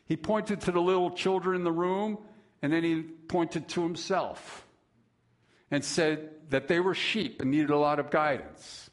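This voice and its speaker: A male pastor delivering a sermon at an unhurried, deliberate pace. He leans on long pauses and lets his stories build with lively, dramatic turns. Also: fairly high pitch. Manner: slow, measured preaching with dramatic pauses and lively storytelling.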